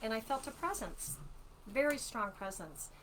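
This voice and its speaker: Animated woman in her sixties. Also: on the high side, moderate pace, slight background noise. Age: 60s. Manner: chatty and animated, warm with viewers. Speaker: author hosting a live book launch. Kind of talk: casual storytelling on a livestream. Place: at home.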